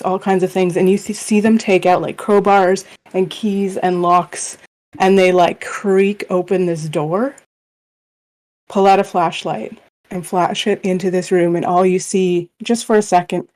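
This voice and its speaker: A woman's voice: fairly low pitch, darkish tone. A woman playing a tabletop game, narrating a scene in a hesitant way with many fillers. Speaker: player.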